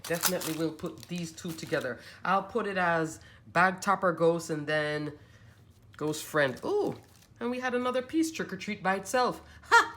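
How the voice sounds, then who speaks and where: A woman with a notably low-pitched voice talks her viewers through a craft supply haul. She is chatty and gushing, thinking aloud as she measures each piece. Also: a bit bright. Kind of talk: casual show-and-tell chat.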